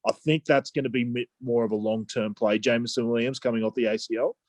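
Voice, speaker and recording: A man's voice: medium pitch, fairly even intonation, fast, a little mellow, dry recording. An Australian man co-hosting a fantasy football podcast, talking casually and hesitantly with frequent restarts. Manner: hesitant, many restarts and "I just think".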